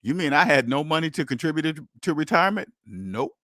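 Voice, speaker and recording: A man hosting a casual monologue, animated and laughing, acting out mock voices and firing rhetorical questions. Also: fairly high pitch, a little fast, dry recording, clean studio sound. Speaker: host.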